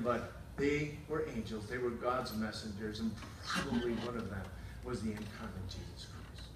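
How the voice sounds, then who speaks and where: A man's voice: mid-range voice, a bit bright, reverberant, recorded from a distance, a little hiss or hum, rough recording. A male pastor preaching a sermon in a casual storytelling way, paraphrasing scripture and acting out quotes.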